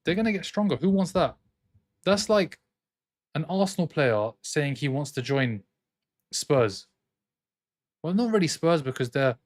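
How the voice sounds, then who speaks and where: Man, slightly higher voice, excitable, live football watchalong host, reacting and arguing with chat. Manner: excitable, jumps between commentary and arguing with chat. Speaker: streamer hosting a football watchalong.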